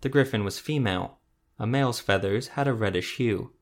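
A male narrator reading a fantasy tale in a mid-range voice. His delivery is steady and even, paced for listening. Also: mid-range voice, fairly quick. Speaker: audiobook narrator. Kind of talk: scripted narration.

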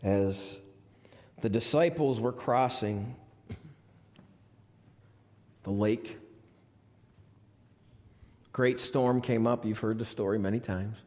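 A male pastor preaching a live sermon in a church, swinging from loud, high appeals to hushed, low lines. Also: slow, pauses often. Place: church sanctuary. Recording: long reverb of a church hall.

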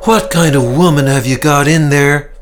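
A man's voice: on the high side, moderate pace, music in the background, pitched above the performer's own voice, lightly acted. A man voicing a haughty, ruthless businesswoman who leads demon slayers and barks scornful orders. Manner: imperious, scornful, barking orders.

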